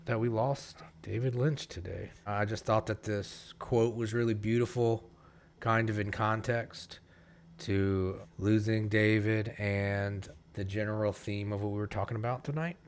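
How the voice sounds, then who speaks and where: A man's voice: lowish voice, flat delivery, unhurried, a little hiss or hum. A man streaming his digital painting, chatting casually and earnestly with viewers in a loose, emotional way. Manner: earnest, rambling, emotional, slang-heavy. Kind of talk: casual livestream chat.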